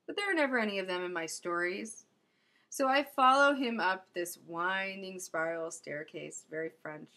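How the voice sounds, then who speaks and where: A woman's voice: mid-range voice, normal speed, bright, forceful tone. A young woman telling a true story about herself in a wry, self-mocking comic manner. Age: young adult. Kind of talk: first-person storytelling.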